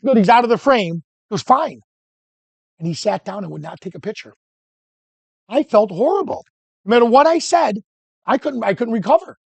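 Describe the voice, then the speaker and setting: A man teaching photography who tells animated, joking stories and keeps breaking off and restarting his sentences. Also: high voice, moderate pace, vocal fry, long pauses, breathy edge, dry recording. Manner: animated anecdotes, self-interrupting, joking. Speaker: photography instructor. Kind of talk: storytelling during a workshop lesson.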